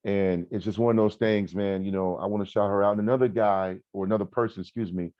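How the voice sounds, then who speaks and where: A man in his forties co-hosting a podcast, telling stories in an animated, emphatic way. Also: lowish voice, fast, dry recording, lo-fi sound. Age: 40s. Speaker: podcast co-host. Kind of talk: casual podcast chat.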